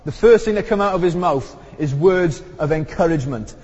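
In a church hall, a man with a sore throat gives an emphatic, conversational sermon, raising his pitch on the main points. He talks fairly quickly with lively intonation, a darkish tone and a breathy edge, and the dull recording has a long hall reverb.

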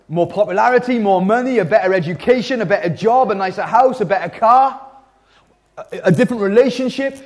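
A man in his forties preaching a sermon at a church service, in an animated, jokey, conversational way. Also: high voice.

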